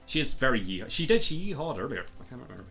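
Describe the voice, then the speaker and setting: A man's voice: medium pitch, very animated, racing, vocal fry, a bit bright, faint music behind. Wry man streaming a game. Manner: dry, wry asides. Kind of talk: casual game commentary.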